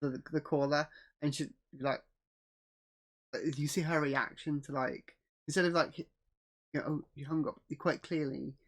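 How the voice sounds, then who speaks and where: A man co-hosting a casual movie review podcast. He mostly backs up his partner with brief agreements, then adds his own points. His voice is somewhat higher than most men's. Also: fairly even intonation, moderate pace, pauses often, fairly bright tone. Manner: chimes in with short agreements. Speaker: podcast co-host.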